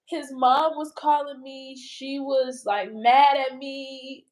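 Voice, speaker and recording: A woman's voice: sits high, fairly even intonation, takes it slowly. A woman telling a personal story as an interview guest, in a candid, rambling way that swears freely.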